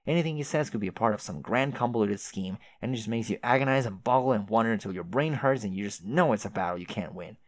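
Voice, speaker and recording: A man's voice: lowish voice, fast, hardly any pauses, no room sound, lightly acted. A man doing Jake, folksy young adventurer. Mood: rambling. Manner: rambling, old-fashioned folksy exclamations. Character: chatty folksy young male adventurer, oblivious.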